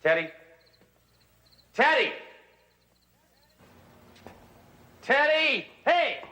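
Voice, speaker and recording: An actor playing a brash, self-assured male police detective with a deadpan, macho delivery. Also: low-pitched, normal speed. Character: brash trigger-happy male cop, adult. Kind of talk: sitcom acting.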